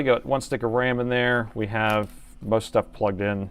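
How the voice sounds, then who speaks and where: Middle-aged man, low gravelly voice, chatty self-mocking repair commentary, faint music behind. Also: measured pace. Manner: chatty and self-mocking, talking while working. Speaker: repair technician streamer. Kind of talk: live repair stream commentary.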